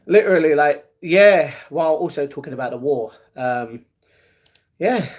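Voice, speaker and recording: A young man with a British accent and a notably high speaking voice for a man, hosting a casual live stream. He chats loosely with his viewers, greets them one by one, and slips into playful improvised rhymes. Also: animated, normal speed, darkish tone. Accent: British English. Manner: chatty, greets chat viewers by name; playful, breaks into improvised rap.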